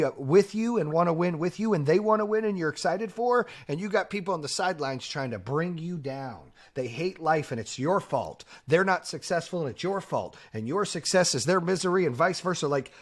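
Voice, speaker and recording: A male podcast host talking in a blunt, fired-up way, swearing freely. His voice sits somewhat high for a man. He talks in casual chat.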